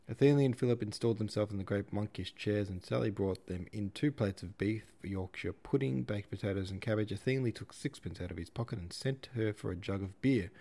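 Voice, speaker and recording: A man narrating a classic novel as an audiobook in a steady, measured reading. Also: lowish voice, vocal fry. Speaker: audiobook narrator, podcast host.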